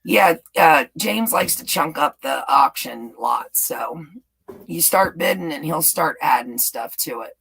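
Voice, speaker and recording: Woman, livestream host, rambling casual chat, husky voice. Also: low voice, expressive, a little slow, fairly bright tone, low-quality recording. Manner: rambling, chatty, reads viewer comments aloud. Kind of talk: casual live chat with viewers.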